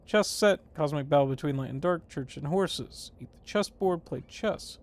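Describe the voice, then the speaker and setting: A man's voice: a little high, normal speed. A man live-streaming a video game, reading its text aloud with playful, goofy commentary. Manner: playful and goofy, laughs and swears.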